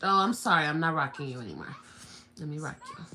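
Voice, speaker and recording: Lively young woman vlogger, bright tone. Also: low voice, fast, slight background noise. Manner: playful baby talk to her son, often laughing. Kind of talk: casual livestream chat.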